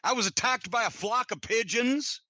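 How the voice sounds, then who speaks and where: Male podcast host, high and bright, profane rambling storyteller. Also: normal speed, dry recording, studio quality. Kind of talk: casual storytelling.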